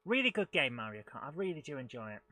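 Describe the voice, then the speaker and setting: A man's voice: medium pitch, fast. A British man hosting a live retro gaming stream, chatting, mocking himself and beeping along as he plays. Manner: chatty, self-mocking, makes beeping car noises; excitable while playing. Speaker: host. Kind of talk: live retro gameplay commentary.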